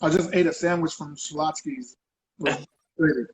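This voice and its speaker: A man's voice: a little high, moderate pace, rough recording. A man being interviewed as a guest artist, talking in a loose, rambling way and tagging his sentences with conversational asides. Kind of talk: casual interview chat.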